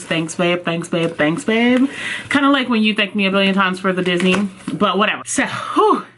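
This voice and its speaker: A woman book vlogger chatting casually and excitedly at home. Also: fairly low pitch. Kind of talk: casual vlog chat. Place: home office, indoors.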